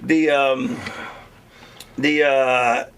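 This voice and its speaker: Bright-voiced man telling profane stories. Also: mid-range voice, flat delivery, drawn-out words, creaky, clear, resonant tone. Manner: profane, chuckling storyteller. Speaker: wrestling interview guest. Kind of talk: casual storytelling.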